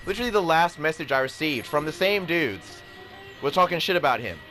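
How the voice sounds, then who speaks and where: A man's voice: on the high side, animated, fairly quick, bright, forceful tone, soft background music. A man ranting in a rambling, indignant way, with heavy swearing. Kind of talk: rambling personal rant.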